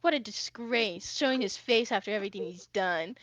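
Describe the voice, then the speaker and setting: A woman putting on a smug low-voiced tiger prince. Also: fairly quick, fairly bright tone, dry recording, lightly acted. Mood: taunting. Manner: taunting, haughty.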